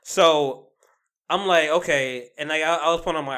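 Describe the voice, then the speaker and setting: A young man in casual podcast chat, his voice bright and forceful. He tells long rambling stories with a lot of swearing and frequent laughter. His pitch sits a little high for a man. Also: moderate pace. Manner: animated storytelling, swears a lot, laughs often. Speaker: podcast co-host.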